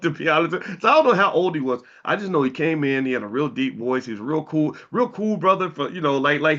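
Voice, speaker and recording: A man's voice: mid-range voice, a bit bright. A man in his fifties telling a story in a blunt, fiery monologue, swearing freely. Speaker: commentator and educator. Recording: slightly muffled recording.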